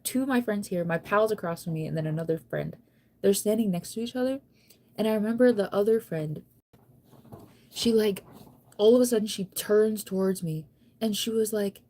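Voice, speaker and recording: A woman's voice: mid-range voice, dark tone. A young adult woman chatting casually to camera, telling a long story in a rambling way with lots of "like" and restarts. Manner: chatty, rambling, heavy use of "like". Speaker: vlogger.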